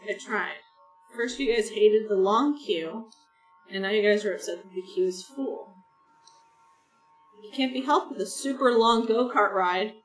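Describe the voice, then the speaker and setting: A woman's voice: medium pitch, unhurried, long pauses. A woman streaming a game, chatting in a rambling, casual way and talking to her viewers. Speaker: gaming streamer. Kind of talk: casual chat while playing a game. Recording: roomy, distant mic with soft game music.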